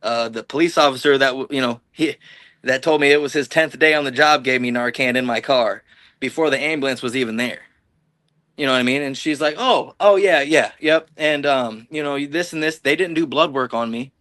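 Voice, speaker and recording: A man's voice: mid-range voice, brisk, a bit bright, no echo. Profane rambling man telling a story. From Illinois-Iowa border, US. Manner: rambling, profane, acts out quoted dialogue. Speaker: podcast guest. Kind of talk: casual storytelling.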